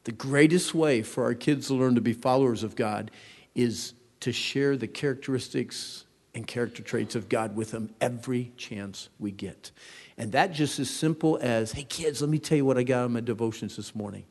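A man in his fifties preaching a sermon as a pastor, swinging from hushed asides to loud emphatic lines. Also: mid-range voice, normal speed, in a large hall. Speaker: pastor and youth counselor.

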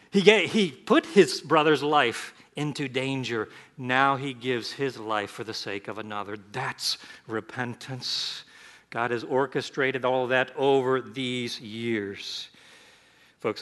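Lively preacher, bright voice. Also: male voice, normal speed. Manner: animated, acts out scripture voices with sudden jumps in pitch and volume. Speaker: pastor. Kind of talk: sermon.

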